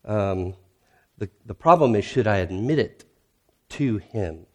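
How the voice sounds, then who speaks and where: A man's voice: lowish voice, animated, unhurried, pauses often, darkish tone. A male pastor preaching a sermon in a conversational way, posing rhetorical questions and reading scripture aloud with rising intensity.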